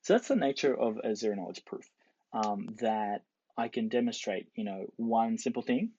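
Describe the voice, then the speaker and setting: A man's voice: fairly low pitch, moderate pace, mellow, husky. A man giving a casual explanatory lecture, playfully acting out the quoted characters. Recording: dull lo-fi dry recording.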